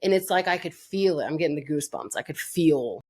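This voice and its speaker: A woman's voice: deep voice, lively intonation, fairly quick, a little mellow, slightly rough. A woman from Florida, a podcast guest telling her own story in a candid, blunt and profane way, mocking herself.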